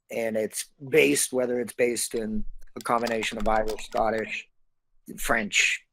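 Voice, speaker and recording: A man's voice: mid-range voice, no room sound, poor audio. Rambling Canadian man with a dry voice. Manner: rambling, animated, mimics accents. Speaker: actor guest. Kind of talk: casual interview chat.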